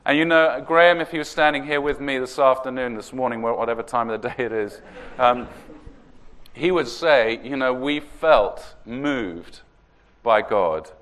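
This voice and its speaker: A man preaching a sermon, telling a story in an earnest way and slowing down to stress key words. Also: medium pitch, a bit bright.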